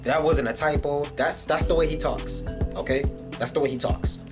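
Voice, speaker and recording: A man's voice: on the high side, fairly even intonation, normal speed. Ranting man over background music. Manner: ranting, profane, many fillers. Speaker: vlogger. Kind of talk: casual video commentary.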